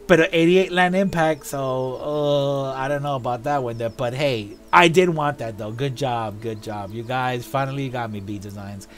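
A man hosting a casual show, chatting playfully as he reviews event items, with quick asides. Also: medium pitch. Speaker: show host.

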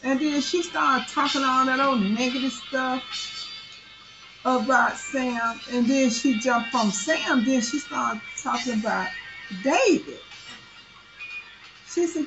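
High-voiced woman telling a story slowly. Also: dull audio, over music. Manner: conversational, slangy, acts out dialogue. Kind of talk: casual spoken storytelling.

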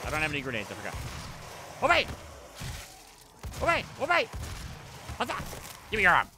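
Excitable young man yelling at games. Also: on the high side, a little fast, noisy background. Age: young adult. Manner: loud, excitable, yelling at enemies; sarcastic quips. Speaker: gameplay streamer. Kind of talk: let's-play commentary.

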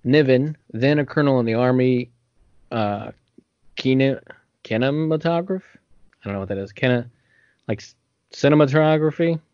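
A man's voice: medium pitch, normal speed, pauses often, clear, resonant tone, no echo, muffled recording. An American man co-hosting a casual podcast, reading from notes and laughing as he stumbles over unfamiliar words. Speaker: podcast co-host.

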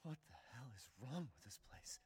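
Scared villager in a game, husky, voice jumping all over. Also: male voice, medium pitch, very animated, moderate pace, darkish tone. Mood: panicked. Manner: panicked, urgent questions. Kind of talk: video game dialogue.

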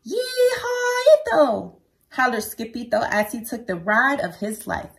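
A woman reading a children's picture book aloud at home, lively and playful, with a sing-song delivery. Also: on the high side, moderate pace, breathy edge.

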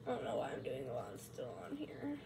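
A woman's voice: very deep voice, wildly swooping pitch, fast talker, vocal fry. A woman casually talking through a cooking tutorial at home, chatty and self-mocking, thinking aloud as she goes. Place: home kitchen. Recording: kitchen fan noise behind. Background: loud kitchen fan.

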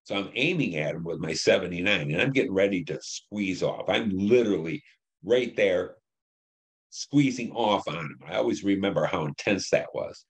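Older man, deep voice, blunt and profane, telling war stories in an interview. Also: animated, moderate pace. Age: 70s. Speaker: Vietnam veteran interviewee. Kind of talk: recounting war memories.

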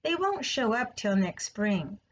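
A woman's voice: fairly high pitch, big pitch swings, unhurried, muffled recording, a little hiss or hum. A woman doing a weary, wise spider. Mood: tired. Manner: weak, tired and kindly. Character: grown female spider, gentle, wise, weary.

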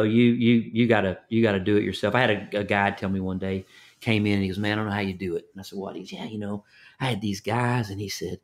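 An older Texan fishing guide, speaking with a Texan accent in a fairly low, darkish voice, tells stories in a folksy interview. He often repeats his words and acts out the voices of people he quotes.

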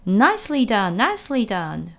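A woman voicing a bossy, excitable mother goose who shouts rapid, repeated orders in a storybook reading. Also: medium pitch, creaky. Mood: urgent.

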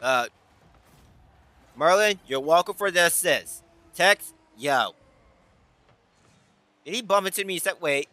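A man's voice: on the high side, animated, a little slow, long pauses, no echo. A man commentating his car soccer match, bossing and mock-scolding his teammates as a pretend team owner. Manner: trash-talking teammates as a mock team boss, hype and yelling. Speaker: gaming YouTuber. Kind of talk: playful rocket league commentary.

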